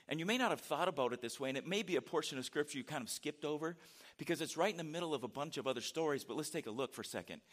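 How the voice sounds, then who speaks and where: A man preaching a sermon in a conversational way, asking the congregation rhetorical questions and reading scripture aloud with dramatic inflection. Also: fairly high pitch. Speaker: pastor.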